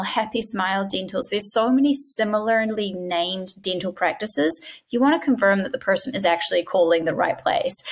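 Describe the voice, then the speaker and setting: A woman giving an instructional talk as a dental practice trainer, coaching in a direct, emphatic way and acting out sample phone greetings. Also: mid-range voice.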